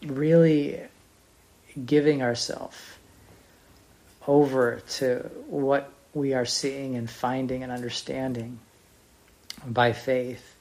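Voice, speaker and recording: A man teaching on faith, speaking in an unscripted, reflective way with pauses and restarts. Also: medium pitch, a little mellow. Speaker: Bible teacher.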